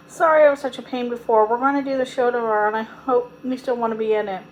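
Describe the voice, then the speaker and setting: A woman's voice: fairly high pitch, fairly even intonation, slight background noise, lightly acted, low-quality recording. A woman reading aloud voices an eager schoolgirl who talks in a rush. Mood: earnest. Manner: eager, apologetic, rushed. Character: lively schoolgirl putting on a show.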